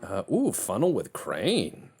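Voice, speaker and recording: A man's voice: fairly low pitch, wildly swooping pitch, slow, vocal fry, slightly rough. A man hosting a casual video game commentary, cracking jokes and laughing often. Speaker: game streamer.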